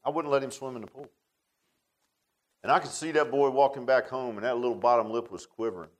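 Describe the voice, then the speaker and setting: A man preaching, folksy and conversational. His voice sits at an ordinary pitch. He swings from loud emphasis to hushed, close tones as he tells a story. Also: fairly even intonation, a little fast, poor audio. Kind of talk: sermon.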